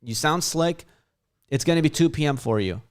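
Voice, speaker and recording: A man's voice: on the high side, lively intonation, moderate pace, clear, resonant tone. A man from Chicago hosting a casual livestream and reading viewer comments aloud with lots of hype. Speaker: livestream host.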